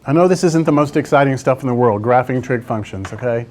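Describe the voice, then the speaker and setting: Quick-paced and mid-range, a man's voice leads a classroom math lecture with a faint hiss or hum behind it. He solves problems while quizzing his students in a coaxing tone, frequently checking "right?"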